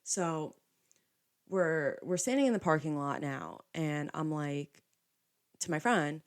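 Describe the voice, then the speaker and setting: A woman's voice: low voice, slow, clear, resonant tone. A young woman in her twenties hosting a podcast, telling a story casually and constantly saying "like", acting out other people's lines in quotes. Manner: chatty, heavy use of "like", animated retelling with quoted dialogue. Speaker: podcast host.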